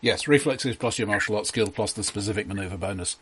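Husky guy game-mastering a tabletop session, keeps restarting his words. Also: on the low side, fast talker, a bit bright, no echo. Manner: amused, explains rules with stammered restarts.

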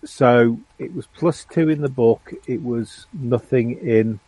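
A man's voice: medium pitch, slow pace, dark tone, no echo, low-quality recording. A man playing in a tabletop role-playing game, hesitant and stumbling through his sentences. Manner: hesitant, stumbling, many fillers and restarts. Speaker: player. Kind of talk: casual tabletop game chat.

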